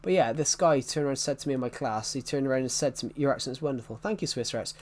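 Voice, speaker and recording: A young man with an English working-class accent from a former mining area chats casually on a livestream. Speaking very fast in a mid-range voice, he rambles, restarts sentences and answers the chat.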